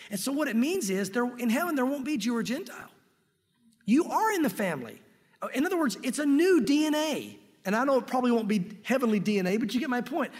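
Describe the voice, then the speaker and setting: A man's voice: extremely high pitch, husky, in a large hall. A man preaching a Bible-teaching sermon, earnest and emphatic, enthusiastic and given to restarts. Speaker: pastor.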